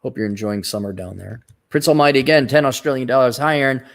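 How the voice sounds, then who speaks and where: Blunt opinionated American livestream host. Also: male voice, medium pitch, fast talker, vocal fry. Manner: blunt, opinionated, rambling with restarts. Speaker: podcast host reading viewer donations. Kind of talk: casual livestream chat.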